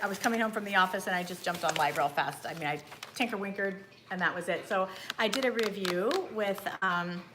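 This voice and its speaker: A woman's voice: mid-range voice, noisy background. A woman hosting a casual beauty livestream, greeting viewers by name and speaking in an earnest, frustrated way. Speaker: beauty YouTuber livestream host.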